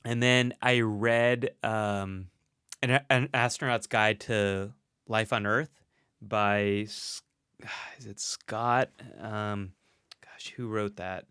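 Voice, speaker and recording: A man's voice: on the low side, fairly even intonation, takes it slowly, pushed and bright, smooth, dry recording, studio quality. A man hosting a casual live stream, reading out viewer comments in a chatty, self-deprecating way with frequent laughs.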